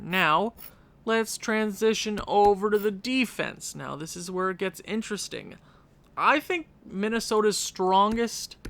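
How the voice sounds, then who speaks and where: A young man giving energetic, opinionated commentary on a hockey franchise mode, rambling and correcting himself as he goes. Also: on the high side. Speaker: gaming YouTuber.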